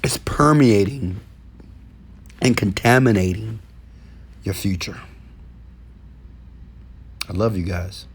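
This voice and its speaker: A man's voice: takes it slowly, long pauses, breathy edge. Fervent male motivational speaker. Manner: preachy, repeats phrases, swings between low murmurs and raised voice. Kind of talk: motivational talk to an audience.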